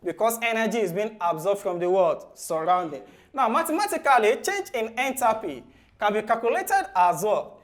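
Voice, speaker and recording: A man teaching chemistry for exam preparation. He ends nearly every phrase with "what?" and then answers it himself in a low, soft voice. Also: lively intonation, normal speed. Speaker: chemistry tutor. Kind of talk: exam-prep lesson.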